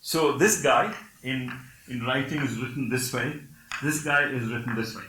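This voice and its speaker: An older man from Kerala, India, a native Malayalam speaker, lectures in English with a Malayali accent, explaining patiently, often checking in with "Okay?" and giving wry laughs. His medium-pitched voice moves at normal speed and sounds pushed and bright. The audio is poor and reverberant.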